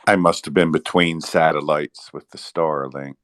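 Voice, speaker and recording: A man's voice: a bass voice, fairly even intonation, normal speed, fairly bright tone, dry recording, studio quality. A man chatting casually in an online audio room, wry and easygoing.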